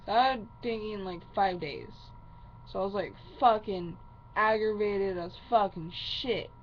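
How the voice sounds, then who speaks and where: A woman's voice: medium pitch, unhurried. A woman ranting angrily to camera, swearing heavily and sounding upset. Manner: heavy swearing, fiery and upset. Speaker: vlogger. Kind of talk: angry personal rant to camera. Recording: muffled lo-fi recording with faint hiss.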